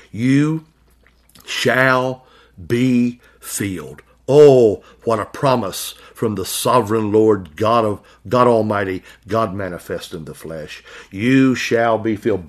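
A man preaching a sermon, pressing the listener with repeated questions and reading scripture aloud in slow, stressed phrases. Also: medium pitch. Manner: emphatic, repeating rhetorical questions.

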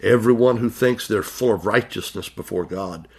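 A man preaching a sermon, pressing the listener with repeated questions and reading scripture aloud in slow, stressed phrases. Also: on the low side, slightly rough. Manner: emphatic, repeating rhetorical questions.

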